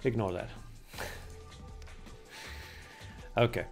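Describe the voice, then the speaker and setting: Speaking in a fairly low, creaky, steady voice and drawing out his words, a man gives casual livestream commentary on a card game. He chats with viewers, thinks aloud with plenty of fillers, and faint game music runs in the background.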